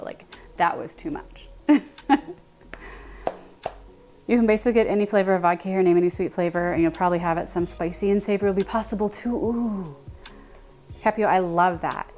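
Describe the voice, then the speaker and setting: A woman's voice: medium pitch, a little mellow. A woman in her thirties chatting casually with her live-stream viewers while baking in her home kitchen, answering chat and laughing often. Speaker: livestream baking host.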